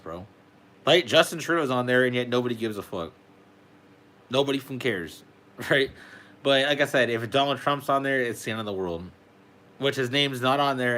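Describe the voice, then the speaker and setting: A man's voice: medium pitch, a little fast, fairly bright tone. A young man, delivering a heated, profane political rant to camera and peppering his talk with "bro". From Canada. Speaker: vlogger.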